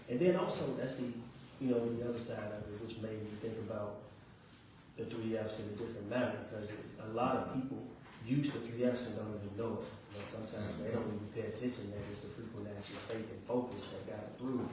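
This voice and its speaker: A man from Chicago, a guest author on a radio show, talking in a relaxed, chatty way and often saying "man". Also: on the low side, brisk. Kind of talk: casual radio interview. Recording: echoey room, far from mic, faint noise.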